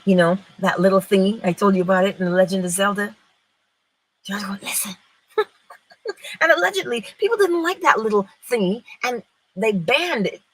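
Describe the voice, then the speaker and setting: A middle-aged woman giving an inspirational spiritual talk, expressive, moving between loud and hushed phrases. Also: mid-range voice, a little fast, breathy edge, rough recording. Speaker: spiritual teacher.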